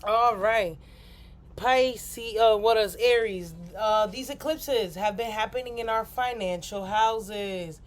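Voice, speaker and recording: A woman's voice: on the high side, measured pace. A woman hosting a casual astrology livestream, rambling and playful, with apologetic asides.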